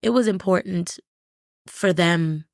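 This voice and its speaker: A woman's voice: fairly low pitch, takes it slowly, darkish tone, no room sound, clean studio sound. A woman guest on a podcast, talking candidly and reflectively in short, restarting phrases. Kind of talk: candid conversational interview.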